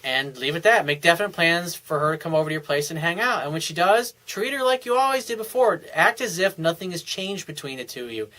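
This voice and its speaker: A man's voice: a little high, lively intonation, fast talker, few pauses, pushed and bright, low-quality recording. A man working as a dating coach, reading out a listener's letter and answering it in a blunt, emphatic, lecturing way.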